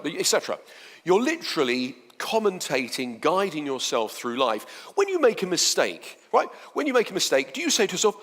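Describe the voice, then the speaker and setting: A man giving a chatty, playful seminar talk to a live audience, swinging between soft and loud. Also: sits high, wildly swooping pitch, a little fast, long reverb tail. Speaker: motivational speaker.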